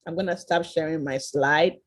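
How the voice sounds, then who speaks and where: A woman's voice: low-pitched, fairly even intonation, normal speed. A woman presenting an interactive online class over a video call. She is encouraging and keeps quizzing her listeners, asking "okay?" and "right?". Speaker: virtual tour presenter.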